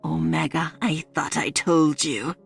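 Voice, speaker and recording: A woman voicing a stern male alpha wolf who speaks in a measured, scornful way. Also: low-pitched, fairly even intonation, vocal fry, husky, soft background music, voice pushed down, full character voice.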